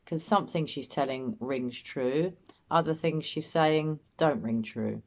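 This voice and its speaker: A woman's voice: low-pitched, slow pace. A woman hosting a show, giving doubtful, musing commentary on an interview and often circling back to her points. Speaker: host, body language commentator. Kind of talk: analytical commentary.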